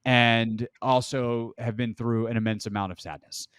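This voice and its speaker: A man's voice: medium pitch, level tone, moderate pace, fairly bright tone, smooth, no echo, clean studio sound. A man co-hosting a sports podcast in casual chat, rambling and joking as he corrects himself mid-sentence. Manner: rambling, self-correcting, jokey. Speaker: podcast co-host.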